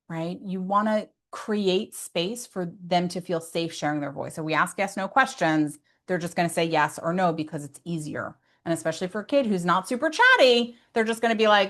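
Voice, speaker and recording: Parenting educator, female, slightly low voice, earnest and conversational, peppers talk with asides. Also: normal speed, fairly bright tone. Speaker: behavior specialist.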